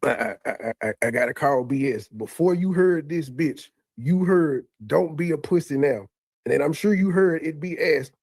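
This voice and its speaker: A man's voice: on the high side, normal speed, darkish tone, slightly rough, no room sound. A man hosting and recapping a heated online panel, arguing point by point with frequent stammers and restarts. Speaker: host recapping a livestream. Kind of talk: casual commentary.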